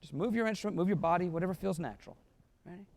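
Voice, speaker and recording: In a concert hall rehearsal, a male band clinician coaches a wind band at a very fast clip, his voice sitting high. He gives encouraging instructions and scats phrases to show how they should sound.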